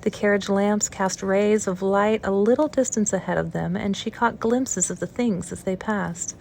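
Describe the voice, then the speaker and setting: A woman narrating a classic children's novel in a steady, even-paced audiobook style. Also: medium pitch, moderate pace, gravelly, a little hiss or hum. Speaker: storybook reader.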